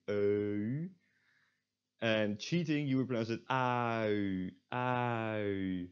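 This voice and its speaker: A man's voice: fairly low pitch, a little mellow, lo-fi sound. A man teaching a beginner's language lesson, patiently modelling sounds and repeating them, with wry asides. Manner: explanatory, repeats sounds slowly for learners, self-deprecating asides. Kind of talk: recorded online language lesson.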